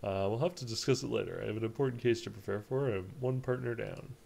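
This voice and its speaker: A man's voice: fairly low pitch, fast, creaky, a little mellow. A man reading as a flustered falcon lawyer. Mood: worried. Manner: read aloud in a nearly plain voice.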